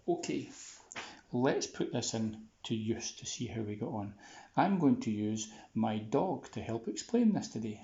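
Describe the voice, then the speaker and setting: A man's voice: mid-range voice, vocal fry, a little mellow. Chatty man teaching, roomy sound. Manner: chatty and upbeat, with playful asides. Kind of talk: casual classroom video lesson. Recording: roomy, slightly dull sound.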